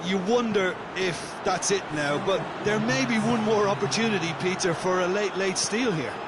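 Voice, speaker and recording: A man giving measured, analytical color commentary on a football match in a video game. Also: high voice, heavy background noise. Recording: game audio over loud stadium crowd.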